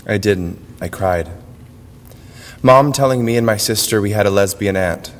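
A man's voice: on the low side, normal speed. A man performing a personal monologue on stage in short, clipped phrases. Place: university event hall. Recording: long hall reverb.

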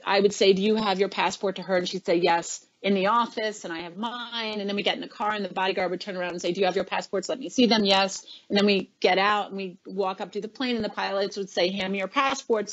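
A woman's voice: mid-range voice, highs cut off. A middle-aged woman, a former chief of staff, tells stories in a webinar interview and acts out the lines people said. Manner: animated storyteller, acts out quoted lines.

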